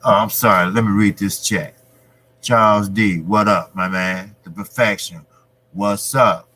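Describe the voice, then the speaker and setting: A man's voice: lowish voice, steady tone, unhurried, bright, forceful tone, rough recording. A man hosting a boxing livestream, reading the live chat aloud and talking bluntly and profanely in casual street banter.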